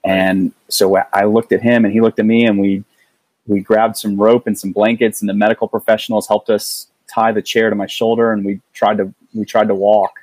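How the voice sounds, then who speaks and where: A middle-aged man telling a personal story in casual conversation, earnest and halting, often restarting his sentences. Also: lowish voice, level tone, darkish tone, no echo, poor audio. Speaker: guest.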